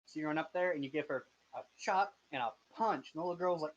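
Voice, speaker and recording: This twenty-something game master talks fast in a highish voice while narrating a tabletop session. His tone is loose and playful, and he stumbles over words a lot. It sounds like muffled, low-quality voice chat.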